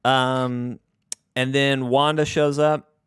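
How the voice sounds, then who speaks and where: Relaxed man with a smooth dry voice. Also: medium pitch, slow pace, no room sound. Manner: relaxed, rambling with fillers. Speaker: podcast co-host. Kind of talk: casual movie recap chat.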